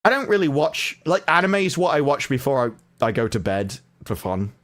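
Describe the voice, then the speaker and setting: A man's voice: medium pitch, very animated, normal speed, a bit bright. A man with a casual received-pronunciation English accent, co-hosting a chatty livestream and explaining things at length with frequent restarts. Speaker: co-host.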